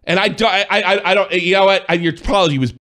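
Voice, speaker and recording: Pissed off guy ranting and swearing, highish voice, bright. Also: fairly even intonation, fast talker. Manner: angry, profane, accusing, sometimes shouting. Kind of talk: heated rant.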